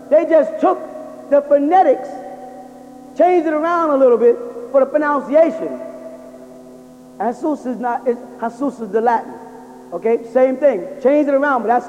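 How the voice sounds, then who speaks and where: A religious lecture-sermon comes from a man whose voice is very high-pitched and somewhat dark, as he hammers the audience with rhetorical questions. The recording is dull lo-fi from a reverberant hall, with faint hiss or hum.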